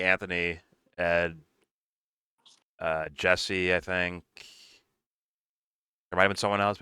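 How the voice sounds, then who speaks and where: A man's voice: sits low, sharp tone, clear, resonant tone, no echo, studio quality. Blunt, profane male political commentator. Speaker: podcast co-host.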